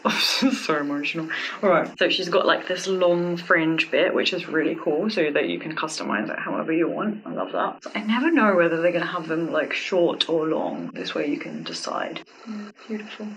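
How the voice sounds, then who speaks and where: A woman's voice: on the low side, expressive, normal speed. Gushing woman unboxing a wig, noisy room. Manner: gushing, breathy exclamations, drops to whispers. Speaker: wig reviewer. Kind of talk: casual unboxing review.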